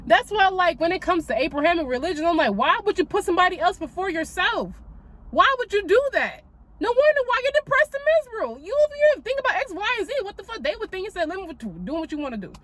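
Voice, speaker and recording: A woman's voice: very high-pitched, big pitch swings, fast, a bit bright. Sassy, profane woman podcast host. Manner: blunt, profane and sassy, with lots of "like" fillers. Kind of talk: casual spiritual podcast monologue.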